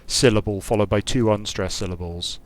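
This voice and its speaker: On the low side and steady, this UK game designer's voice moves fairly quickly. While streaming a strategy game, he offers casual commentary in British English that wanders as he muses aloud.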